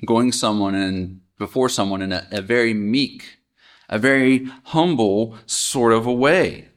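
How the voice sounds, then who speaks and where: A man's voice: medium pitch, unhurried. A man teaching from the Bible in a casual, conversational way, often asking his listeners questions. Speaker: preacher.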